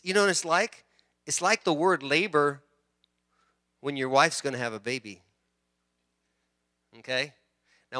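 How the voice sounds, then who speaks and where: Animated preacher man, bright, forceful voice. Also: fairly high pitch, clean tone, dry recording, clean studio sound. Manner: animated preaching, swinging from loud emphasis to quiet asides; repeats words and restarts often. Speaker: pastor. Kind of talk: sermon.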